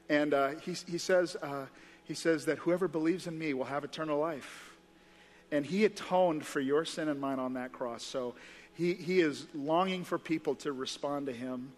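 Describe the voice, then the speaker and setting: A man's voice: a little high, moderate pace, long reverb tail. A male pastor preaching a sermon in a conversational, earnest way, recorded in a church auditorium. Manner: conversational, earnest, lots of fillers.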